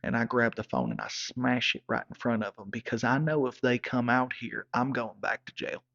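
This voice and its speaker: Man, gravelly, rowdy comic storytelling, profane and rambling, muffled lo-fi sound. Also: mid-range voice, fairly even intonation, normal speed, fairly bright tone. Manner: rowdy, profane, rambling backwoods tall-tale telling. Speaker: comedic storyteller. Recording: dull lo-fi recording.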